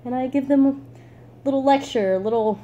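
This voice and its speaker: A teenage woman talks straight to her viewers, telling a story in a loose, chatty way. Her voice sounds mellow and warm. She fills her talk with "like" and breaks into laughs as she goes. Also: sits high, normal speed, highs cut off, a little hiss or hum. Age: late teens. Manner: chatty, animated, lots of "like", laughs. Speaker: vlogger. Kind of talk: casual storytelling to camera.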